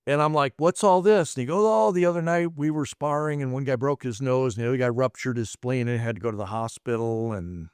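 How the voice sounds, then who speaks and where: A man's voice: mid-range voice, fast talker, few pauses, clean tone, dry recording, clean studio sound. A middle-aged man, a martial arts instructor, casually rambling through anecdotes and acting out quoted dialogue. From United States. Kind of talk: casual storytelling.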